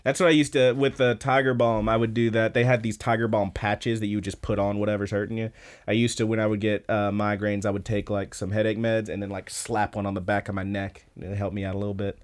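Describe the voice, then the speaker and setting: A man's voice: fairly low pitch, level tone, fast. A man hosting a podcast, recapping an episode in a casual, rambling way with lots of fillers and restarts. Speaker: podcast host.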